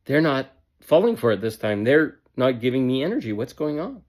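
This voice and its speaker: A man voicing a confused, manipulative mother who mutters in a puzzled, hushed way. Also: medium pitch, big pitch swings, moderate pace, natural voice. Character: confused manipulative mother losing her grip.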